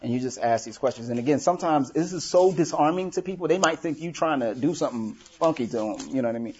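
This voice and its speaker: Animated and fast, this workshop leader has a fairly high-pitched voice with a darkish tone. He teaches a live group casually, peppering his talk with "you know" and performing quoted lines. The lo-fi recording sounds dull, with slight background noise.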